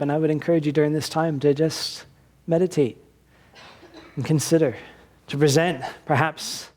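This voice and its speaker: Male pastor, earnest sermon delivery, medium pitch, conversational restarts. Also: darkish tone. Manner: earnest, exhorting, with frequent restarts. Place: church service.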